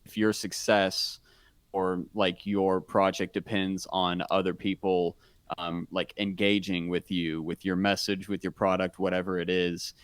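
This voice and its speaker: A man's voice: sits low, little pitch movement, measured pace, dry recording. A man co-hosting a casual podcast, talking in loose rambling sentences full of "like" and "um". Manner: rambling, heavy use of "like" and "um". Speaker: podcast co-host.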